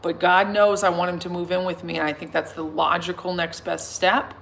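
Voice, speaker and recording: Self-assured woman in her thirties, lower voice, emphatic casual vlog chat with faint noise behind. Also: level tone, fairly quick, creaky. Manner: emphatic, self-assured, swings from soft to loud. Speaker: singer and vlogger addressing her followers. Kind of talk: casual livestream chat reading comments.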